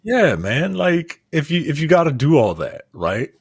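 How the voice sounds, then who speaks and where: A man co-hosting a podcast in casual chat, animated and repeating his points for emphasis. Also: on the high side, normal speed, slightly rough, no echo, studio quality. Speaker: podcast co-host.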